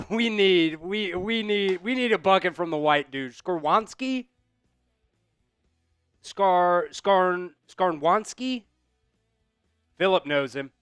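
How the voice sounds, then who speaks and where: A man calling a basketball game as an excited fan host on a live stream, out of breath from doing squats. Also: high voice, slow pace, long pauses, clear, resonant tone, dry recording, soft background music. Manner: rowdy, chanting and yelling in celebration.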